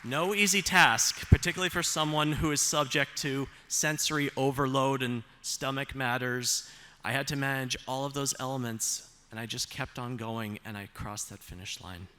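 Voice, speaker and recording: A man's voice: medium pitch, fairly even intonation, moderate pace, bright, forceful tone, a little hiss or hum. Upbeat man giving a keynote. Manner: upbeat and joking, addresses audience directly. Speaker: keynote speaker. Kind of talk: conference keynote speech. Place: conference stage.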